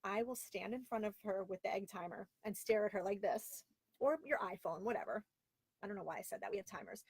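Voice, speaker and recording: This woman's mid-range voice is husky and a little fast, with no room sound. Hosting a casual live stream from her home closet, the thirtysomething from Florida, via Long Island, reads out viewer comments. She's candid, exasperated, and chatty, peppering her talk with "like."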